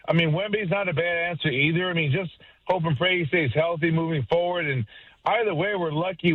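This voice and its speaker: A man's voice: a little high, dry recording. A man calling in to a sports radio show, talking in a laid-back, slangy way. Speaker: caller. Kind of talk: casual call-in chat. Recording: tinny phone line.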